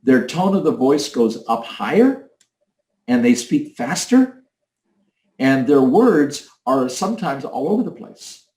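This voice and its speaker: A man's voice: mid-range voice, big pitch swings, unhurried, a little mellow. A man giving a leadership training talk, coaching emphatically and acting out different tones of voice. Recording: echoey room.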